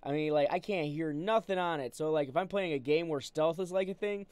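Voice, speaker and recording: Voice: mid-range voice, brisk, a little mellow, clear, resonant tone, dry recording. Agitated streamer ranting, dry sound. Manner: agitated, ranting, with many restarts. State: upset. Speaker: live streamer. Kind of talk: casual live-stream rant. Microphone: wired earbuds with mic.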